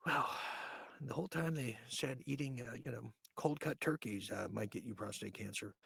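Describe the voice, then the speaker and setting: Gravelly, sarcastic podcast host. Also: male voice, mid-range voice, a bit bright, no room sound. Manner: ranting, sarcastic, halting with fillers. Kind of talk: late-night podcast monologue.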